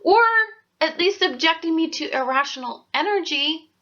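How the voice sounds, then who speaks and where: A high, bright-voiced woman talks straight to her viewers about astrology and tarot, blunt and profane, and her talk keeps flaring into heated outbursts. The sound is dull and lo-fi. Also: moderate pace. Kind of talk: ranting spiritual vlog.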